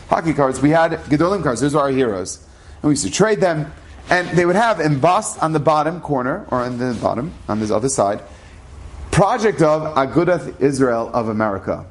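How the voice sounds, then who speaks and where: A man speaking as the storyteller, telling a personal story in an animated, conversational way. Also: mid-range voice.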